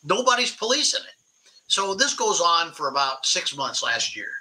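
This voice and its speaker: Bright-voiced spirited man in his sixties. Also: fairly high pitch, normal speed, low-quality recording. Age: 60s. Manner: animated storyteller, spirited and emphatic. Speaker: podcast guest, veteran angler. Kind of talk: casual storytelling interview.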